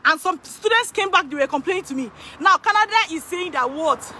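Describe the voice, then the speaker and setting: A woman working as an immigration consultant, talking excitedly to her viewers, repeating phrases for emphasis and laughing often. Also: very high voice, a little fast. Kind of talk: excited direct-to-camera talk. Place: in Canada.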